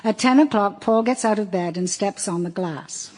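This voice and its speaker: A woman narrating an audiobook in a wry, measured storytelling voice. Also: mid-range voice, a little mellow. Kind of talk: audiobook reading.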